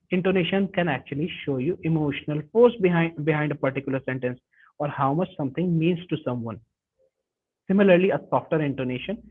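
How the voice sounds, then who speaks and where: A man with an Indian English accent and a fairly high, slightly rough voice teaches a live online webinar from a home or office. Heard through a computer mic over a web call with phone-like quality, he explains things step by step, often restarting and correcting himself.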